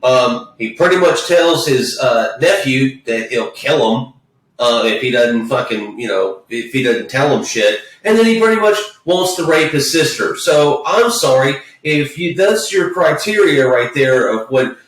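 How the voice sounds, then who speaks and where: A man's voice: medium pitch, lively intonation, unhurried, fairly bright tone. A man co-hosting a podcast, talking casually about a movie in a rambling, profane way full of restarts. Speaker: podcast co-host. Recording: echoey room, distant mic.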